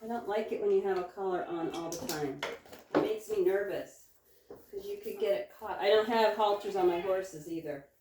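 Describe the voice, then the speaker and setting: A woman's voice: moderate pace, noisy background. Chatty woman in a roomy barn. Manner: chatty, switches into high sing-song coaxing when talking to her animals. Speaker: homesteader milking her goats. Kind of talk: casual chat while doing farm chores. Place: indoor barn or milking shed with chickens. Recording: roomy barn, distant mic, faint clucking. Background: chickens clucking.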